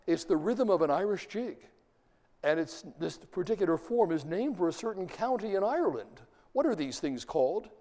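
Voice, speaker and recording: A man's voice: sits high, big pitch swings, moderate pace, warm tone, in a large hall. A middle-aged man giving a classroom lecture, quizzing the class and reading verse aloud with rhythm. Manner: asks the class questions, reads verse aloud, taps out rhythms.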